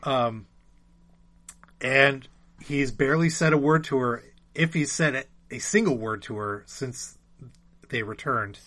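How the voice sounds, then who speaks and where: A man co-hosting a podcast, chatting casually about comics and joking in a relaxed way, with frequent ums. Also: mid-range voice, a little slow, long pauses. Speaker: podcast co-host.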